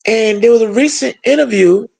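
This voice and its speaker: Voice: mid-range voice, brisk, gravelly, darkish tone, slightly rough. A political commentator giving an emphatic, colloquial and sarcastic opinion monologue.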